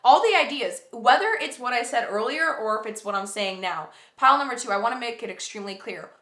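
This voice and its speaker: A woman's voice: a little high, animated, fairly quick, fairly bright tone, roomy sound. A woman giving a pick-a-card tarot reading, earnest and reassuring as she talks straight to the viewer, a bit sleepy. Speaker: tarot reader.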